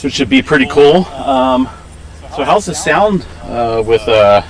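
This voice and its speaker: Laid back guy rambling on his live stream thru a camera mic, average pitch, lots of uhs. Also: unhurried. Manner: relaxed, rambling, many "uh" fillers. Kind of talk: casual live stream chat. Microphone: camera microphone.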